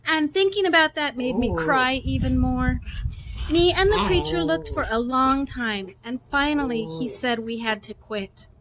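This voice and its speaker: A woman reading a children's novel aloud, expressive and acting out the dialogue. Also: high-pitched, measured pace, a loud crowd. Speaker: reader.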